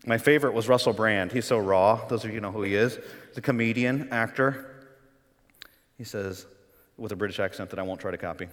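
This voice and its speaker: A man preaching a sermon as pastor, conversational and animated, acting out quoted voices. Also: on the low side, fairly quick, in a large hall.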